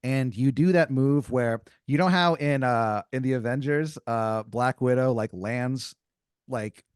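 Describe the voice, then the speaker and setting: A man's voice: medium pitch, measured pace, smooth, dry recording, clean studio sound. A man improvising a story as game master on a comedy podcast, rambling with lots of fillers.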